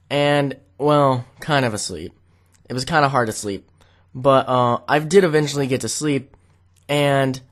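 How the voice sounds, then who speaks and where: A young man chatting casually to his viewers, meandering through a story and leaning on "like" as filler. He sounds relaxed and easygoing. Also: medium pitch. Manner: rambling, many "like" fillers. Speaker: vlogger.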